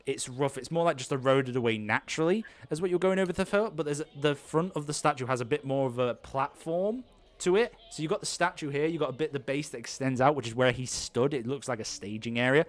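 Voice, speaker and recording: A man's voice: medium pitch, fast talker. A man narrating as game master of an improvised tabletop game, rambling with many restarts. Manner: rambling, lots of fillers and restarts.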